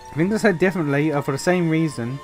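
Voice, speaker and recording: A man's voice: on the high side, quick pace, faint music behind. Rambling British man streaming a game. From Britain. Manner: rambling, laughing, swears. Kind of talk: casual gameplay commentary.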